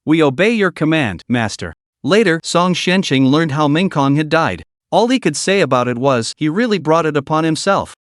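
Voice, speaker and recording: A man's voice: fairly high pitch, lively intonation, moderate pace, hardly any pauses, no room sound, studio quality. A man narrating a dramatic fantasy story recap in a scripted, storytelling manner.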